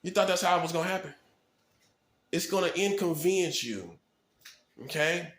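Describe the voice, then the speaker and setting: A self-styled prophet giving a rhetorical preaching monologue in his apartment, firing questions at the listener, stamping points with a quick "boom" and chuckling at his own lines. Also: lively intonation, fairly bright tone. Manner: rhetorical, fast-talking, punctuates points with "boom". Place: apartment room. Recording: echoey room.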